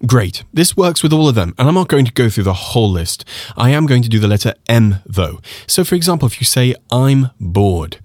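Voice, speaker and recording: A man teaching French pronunciation on a podcast, lively and animated, slowing down to repeat phrases for the listener. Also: mid-range voice, no room sound, studio quality.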